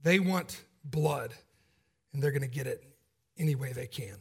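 A man's voice: mid-range voice, moderate pace, gravelly, husky. A man preaching a sermon in a casual, joking, conversational way.

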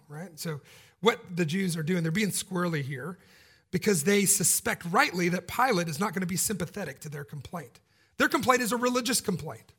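A man's voice: high voice, fairly bright tone, husky. A man preaching a sermon in a casual, joking, conversational way.

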